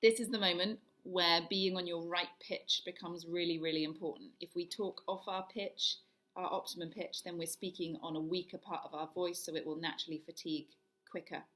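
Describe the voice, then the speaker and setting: A woman voice coach leading a guided vocal warm-up, talking through each exercise step by step. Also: lowish voice, steady tone, a little fast. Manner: demonstrates yawns, hisses, hums and sirens; instructive, step-by-step.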